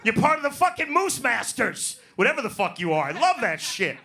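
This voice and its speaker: A man's voice: extremely high pitch, very animated, fairly quick, creaky, pushed and bright. A man doing a profane, brash stand-up set in a comedy club, working the crowd. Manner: profane, brash, riffs on audience.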